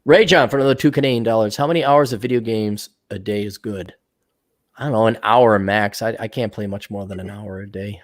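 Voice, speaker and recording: A man's voice: fairly low pitch, fairly quick, no room sound, studio quality. A man co-hosting a casual podcast, reading viewer questions and joking around with lots of laughter. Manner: joking, animated, laughs often.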